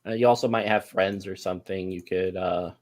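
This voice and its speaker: A man's voice: low-pitched, steady tone, brisk. A man running a tabletop game as game master, narrating with many fillers and laughs.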